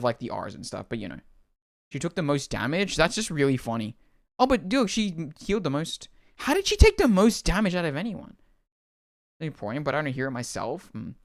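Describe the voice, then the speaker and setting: Recorded at studio quality with no room sound, a young Filipino man with a fairly high voice chats casually on his livestream. He rambles through chat questions in an Australian accent carrying a Filipino lilt.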